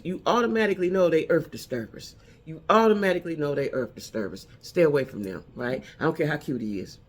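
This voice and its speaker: Middle-aged woman, vlogger-style advice talk, emphatic, repeats herself for weight. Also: fairly low pitch. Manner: emphatic, repeats key lines for effect. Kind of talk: casual advice monologue.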